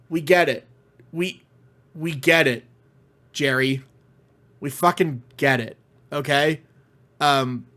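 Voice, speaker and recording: A man's voice: on the high side, pushed and bright. A man giving a casual spoken review, ranting in exasperation, swearing often and stumbling over restarts when worked up. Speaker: vlogger reviewing media.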